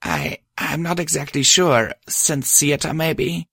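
A man voicing a grieving, withdrawn young female pony with a hoarse, raspy voice, speaking softly and haltingly. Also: a little high, no room sound, studio quality, voice pushed up, full character voice. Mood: tearful. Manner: soft, tearful, halting.

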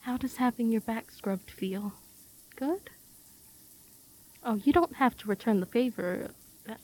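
A woman speaks straight to the listener in an intimate audio role-play. She takes her time with each line, unhurried and relaxed. Her delivery is playful and teasing, and giggles break through often. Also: on the high side.

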